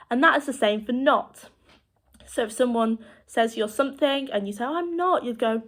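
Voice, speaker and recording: A woman with a British accent teaching children sign language, speaking slowly and clearly as she demonstrates each word. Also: on the high side. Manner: slow, clear demonstrating speech.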